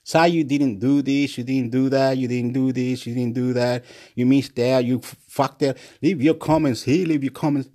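A man rambling excitedly in a monologue vlog, laughing at himself and jumping between topics. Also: mid-range voice, normal speed. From Australia. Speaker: vlogger.

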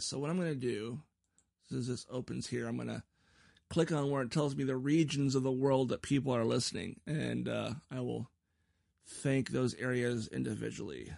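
A man's voice: mid-range voice, vocal fry, no echo, clean studio sound. A man hosting his own podcast in a rambling, self-deprecating casual chat, often stumbling over his words. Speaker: podcast host.

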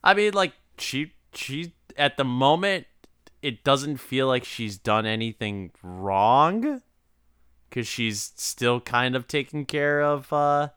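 A man with a smooth, crisp, bright voice chats loosely about a movie. He rambles through his asides and laughs easily, recorded dry and close. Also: mid-range voice, slow, no echo. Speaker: podcast co-host. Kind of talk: casual movie recap chat.

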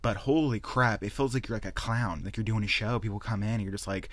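A young man with a low voice rants through his own gaming podcast, cursing freely and acting out little scenes as he goes. The recording is dry and close, with no room sound. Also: fast, dry recording. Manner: profane, ranting, animated storytelling. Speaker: podcast host. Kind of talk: casual solo rant.

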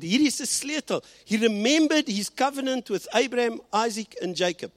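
Male pastor, bilingual sermon delivery, high expressive voice, dry close recording. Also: no echo. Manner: switches between Afrikaans and English, slows and rises for emphasis.

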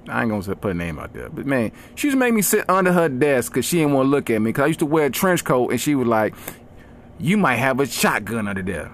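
A man hosting a comedy podcast, telling stories in an animated, slangy, mock-aggressive rant. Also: mid-range voice, a little hiss or hum. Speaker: podcast host.

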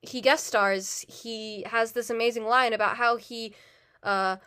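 A woman co-hosting a film podcast, teasing the others and quick to argue in casual chat. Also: a little high, steady tone, bright, forceful tone, clear, resonant tone. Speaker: podcast co-host.

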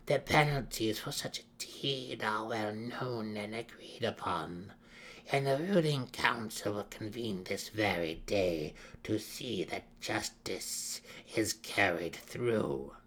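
A man voicing an ancient, withered female dark elf matriarch, speaking slow, hushed and commanding. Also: on the low side. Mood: cold authority.

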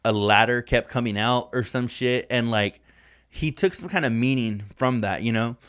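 A man in the middle of a laid-back podcast conversation, his voice sitting at an ordinary everyday pitch. He rambles from one thought to the next, swears freely, and leans on "like" constantly as he tells stories. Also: moderate pace, a bit bright, clear, resonant tone. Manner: rambling, profane, heavy use of "like". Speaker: podcast co-host. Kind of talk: casual chat.

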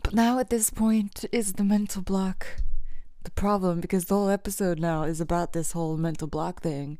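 A woman's voice: medium pitch, moderate pace, dark tone, no room sound. Rambling young woman podcaster, dry close sound. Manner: rambling and self-deprecating, often laughing and slipping into whispers. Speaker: podcast host. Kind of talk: casual solo podcast monologue.

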